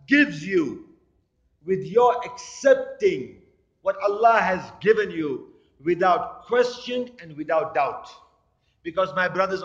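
Male preacher with a high-ish voice, lively storytelling sermon, muffled recording. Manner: animated storytelling, acting out quoted people. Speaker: imam.

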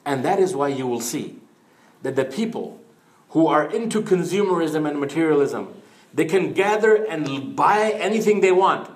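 A man's voice: fairly high pitch, lively intonation, normal speed. Earnest male preacher in an echoey room. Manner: earnest, storytelling, mixes in Arabic phrases. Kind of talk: Islamic sermon.

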